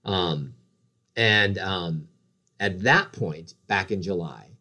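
A man in his forties with a fairly low voice tells a long story about his injuries in a relaxed, chatty way. He pokes fun at himself and slips into voices for his kids and wife. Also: takes it slowly. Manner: animated, acts out the voices of the people in his story; self-deprecating. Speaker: guest telling a story. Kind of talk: casual storytelling chat.

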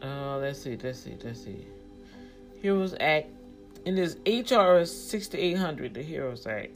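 A woman's voice: low voice, animated, a little slow, soft background music. A woman vlogger in casual commentary, rambling as she thinks things through aloud and speaking straight to her viewers, growing emphatic when riled up.

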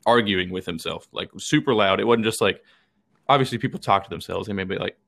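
A man's voice: deep voice, brisk, creaky, a bit bright. A young man from Texas, co-hosting a podcast and telling rambling, swear-laden stories full of fillers. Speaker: podcast co-host. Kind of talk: casual chat.

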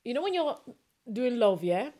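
A woman's voice: fairly high pitch, big pitch swings, moderate pace, mellow. Candid, playful woman co-host. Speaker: podcast co-host. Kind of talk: casual chat.

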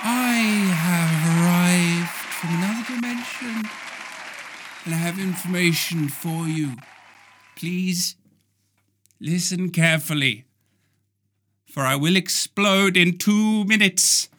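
A man's voice: high-pitched, takes it slowly, pauses often, a bit bright, some chatter behind, pitched above the performer's own voice, exaggerated voice. A man playing a frantic doomed alien. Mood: urgent. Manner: urgent, rambling, self-interrupting. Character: frantic alien man from another dimension, about to explode.

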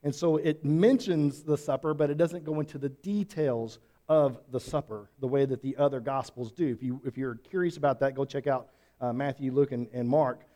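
Mellow-voiced man teaching the Bible. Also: mid-range voice, moderate pace. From Switzerland. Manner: folksy, rambling, with many restarts and asides. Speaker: pastor.

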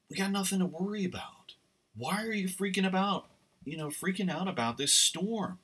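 Talk host: rambling male storyteller, tense bright tone, set back from the mic. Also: mid-range voice, breathy edge, recorded from a distance. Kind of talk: casual commentary monologue.

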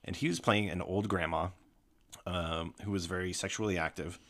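A man hosting a casual podcast chat, retelling a tabletop game story in an animated way, swearing freely. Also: low voice, normal speed. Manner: animated, swearing, breaks into laughter.

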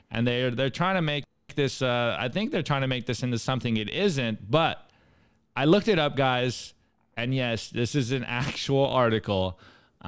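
A man's voice: mid-range voice, smooth. A young adult man co-hosting a podcast, chatting casually through a meme review with frequent laughs and restarts. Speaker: podcast co-host.

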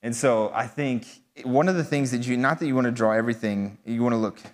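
A man's voice: mid-range voice, a little fast. A man preaching a sermon in a loose, conversational way, with frequent fillers and asides. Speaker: pastor. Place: church hall. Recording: long hall reverb.

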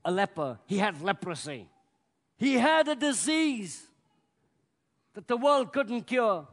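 A man preaching a sermon, swinging between loud bursts and hushed, drawn-out words. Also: very high voice. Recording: long reverb of a large hall.

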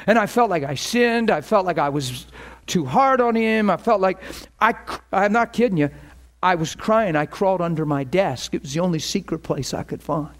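A middle-aged man preaching, telling a story and acting out both sides of phone calls. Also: normal speed. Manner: animated, acts out phone calls with rising pitch. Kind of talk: storytelling sermon.

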